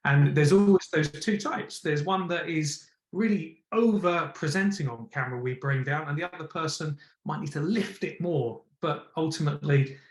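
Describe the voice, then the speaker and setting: A man, a TV presenter, coaching presenters in a live online session with energetic, encouraging emphasis. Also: on the high side, normal speed, hardly any pauses. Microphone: video call. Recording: echoey room.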